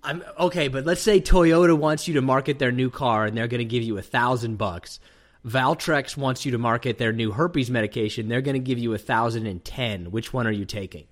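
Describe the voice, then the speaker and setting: A man's voice: mid-range voice, brisk. A man hosting a podcast, chatting casually with dry, teasing humor. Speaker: podcast host. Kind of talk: casual chat.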